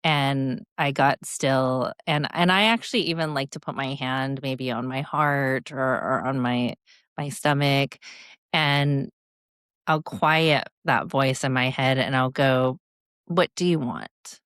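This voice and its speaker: Low, smooth-voiced woman in her forties, unhurried, reflective podcast guest sharing a coaching story. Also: steady tone, fairly bright tone, no echo, clean studio sound. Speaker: guest speaker and leadership coach. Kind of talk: podcast interview.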